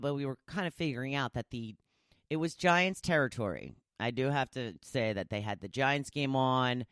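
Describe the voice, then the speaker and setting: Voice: mid-range voice, animated, moderate pace, fairly bright tone, no room sound, clean studio sound. A podcast host talking casually on their own, rambling from one story to the next with lots of asides. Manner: chatty and rambling, with many asides. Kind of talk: casual solo podcast chat.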